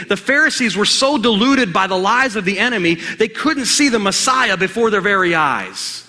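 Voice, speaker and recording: Bright-voiced preacher in an echoey hall. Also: male voice, high-pitched, moderate pace, hardly any pauses. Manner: animated, conversational, rhetorical questions to the congregation. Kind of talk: sermon.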